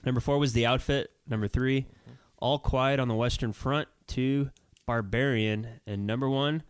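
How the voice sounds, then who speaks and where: A man co-hosting a podcast, wry and quick to laugh in casual chat. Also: mid-range voice, fairly even intonation, clean tone, no echo, studio quality. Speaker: podcast co-host.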